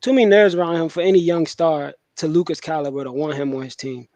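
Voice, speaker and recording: A man talking sports on a casual podcast, relaxed and slangy. His voice is a little higher than most men's. It is recorded dry. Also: quick pace, dry recording, dull audio. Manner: relaxed, slangy opinion talk.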